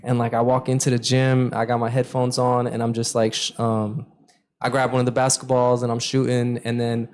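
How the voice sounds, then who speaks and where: A man's voice: medium pitch, a little fast. A young man co-hosting a podcast, chatting casually and telling stories, acting out what people said. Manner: animated, acts out quoted lines loudly. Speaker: podcast co-host. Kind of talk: casual chat, storytelling.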